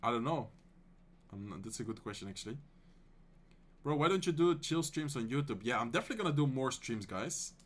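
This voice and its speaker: A Dutch man streaming live, calling an esports match in English with a Dutch accent, then answering chat in a relaxed, friendly way. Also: medium pitch. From Netherlands. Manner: excited fast play-by-play calls that give way to relaxed, soft chat replies. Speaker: streamer and tournament caster.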